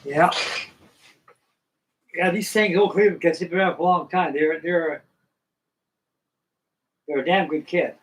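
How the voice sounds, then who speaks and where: A man's voice: on the high side, moderate pace, long pauses, distant mic, rough recording. A middle-aged man hosting a live stream, chatting casually and folksily while he builds models, with rambling talk and casual swearing.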